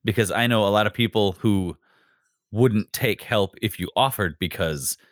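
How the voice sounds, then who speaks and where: A man's voice: fairly low pitch, moderate pace, no room sound, studio quality. A man chatting casually as a podcast host, acting out everyday exchanges in little voices. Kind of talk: casual conversation.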